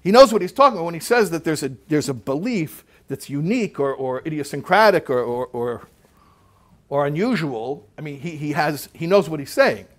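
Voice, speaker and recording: A man, a rabbi, telling a story in a lecture to a group of students, lively and full of restarts. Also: fairly high pitch, brisk. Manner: animated storyteller, frequent restarts. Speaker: rabbi giving a talk. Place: room in front of a student group.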